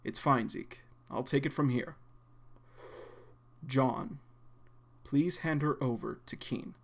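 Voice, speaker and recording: A calm, stern middle-aged headmaster, read by a man, speaking quietly and formally in a low, gravelly voice. Every word sounds measured.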